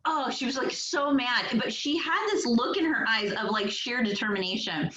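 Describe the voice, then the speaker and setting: Speaking animatedly at a moderate pace with few pauses, this woman has a fairly high, sharp-toned voice. She leads a sales team's motivational call, upbeat and chatty with frequent laughter and fillers, over echoey, dull lo-fi audio.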